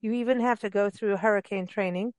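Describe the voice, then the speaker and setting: On a travel and parks radio show, an enthusiastic woman host chats freely in a casual interview, her talk rambling and overflowing with eager asides. Her steady, slightly mellow mid-range voice moves fairly quickly and sounds close and dry on the recording.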